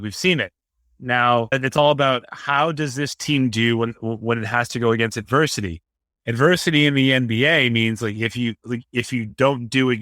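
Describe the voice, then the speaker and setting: Bright-voiced sports podcast analyst. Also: male voice, mid-range voice, dry recording, clean studio sound. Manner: measured analysis with many "like" and "right". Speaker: podcast co-host. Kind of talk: casual sports chat.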